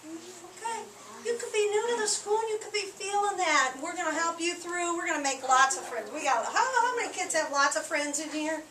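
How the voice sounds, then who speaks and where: A woman teacher giving a lively lesson to young children, acting out feelings for the class. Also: extremely high pitch, brisk, background noise. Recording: echoey room recorded from a distance.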